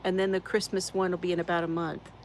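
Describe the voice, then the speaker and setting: A woman's voice: lowish voice, flat delivery, fast, a little hiss or hum, low-quality recording. A woman, hosting a casual crafting live stream from her chair at home, greeting viewers by name and laughing often. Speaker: crafting channel host.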